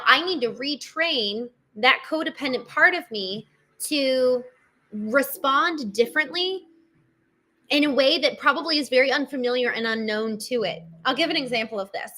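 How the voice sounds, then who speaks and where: A woman hosts a solo talk show in a bright, forceful voice that sits on the high side. She speaks earnestly and conversationally, with many restarts and frequent asides directly to her listeners.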